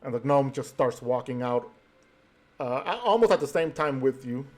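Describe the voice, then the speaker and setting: A man running a tabletop game as game master, narrating with many pauses and fillers. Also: mid-range voice, expressive, darkish tone.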